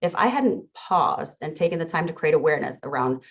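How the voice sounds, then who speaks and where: A woman's voice: low voice, animated, brisk. A middle-aged woman, a teacher and coach, giving an earnest, reflective motivational talk to an audience. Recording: dull lo-fi sound.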